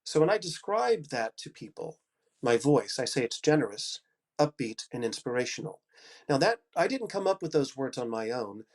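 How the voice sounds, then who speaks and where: A man's voice: mid-range voice, animated, moderate pace. Upbeat man with a head cold. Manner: generous, upbeat, encouraging. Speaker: audiobook narrator and coach. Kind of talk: conference talk.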